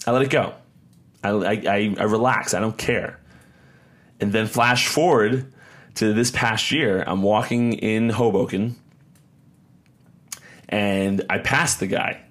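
A man's voice: fairly low pitch, fairly bright tone. A young man hosting a podcast, telling a story in a rambling, casual way, often repeating words and acting out quotes. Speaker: podcast host.

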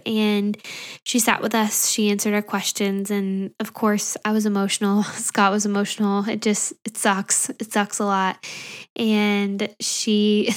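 Young woman, podcast host, candid personal monologue, tender, soft laughs, mid pitch.

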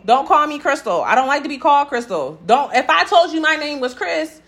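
A woman's voice: high voice, big pitch swings, brisk, fairly bright tone. Sassy, blunt young woman ranting. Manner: blunt, sassy, profane, incredulous; reads out text messages. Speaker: vlogger. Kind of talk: casual storytelling rant.

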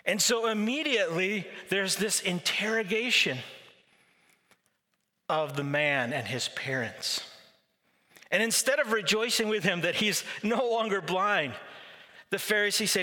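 A man's voice: sits high, animated, measured pace, pushed and bright. A male pastor preaching a sermon with vivid storytelling. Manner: vivid storytelling, acting out quoted voices. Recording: long reverb of a large hall.

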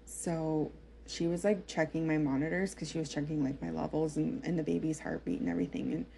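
Low, gravelly-voiced young woman telling a story. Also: expressive, brisk, warm tone, a little hiss or hum. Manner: chatty, filler-heavy, emotional retelling. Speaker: mother telling her birth story. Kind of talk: casual personal storytelling.

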